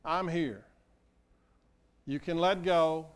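A preacher voicing a calm divine voice. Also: male voice, a little high, slow pace, clear, resonant tone. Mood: reassuring. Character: calm voice of the Lord from above.

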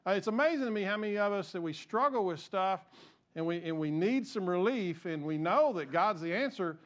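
A man's voice: high voice, lively intonation, fairly quick. A man preaching a sermon in an earnest, conversational way, often restarting his sentences. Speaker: pastor.

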